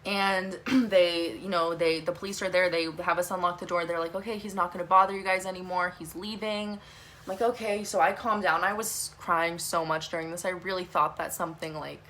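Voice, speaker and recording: Bright-voiced young woman telling a story. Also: fairly low pitch. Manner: fast, animated, swearing, many fillers like "like". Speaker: vlogger. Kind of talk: storytime vlog.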